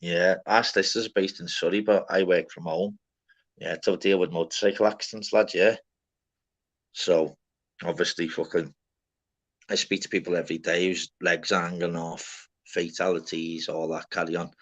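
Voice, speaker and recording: A man's voice: deep voice, fairly even intonation, normal speed. A man in casual chat who swears constantly, calls everyone lad and mate, and rambles bluntly. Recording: slightly dull lo-fi audio.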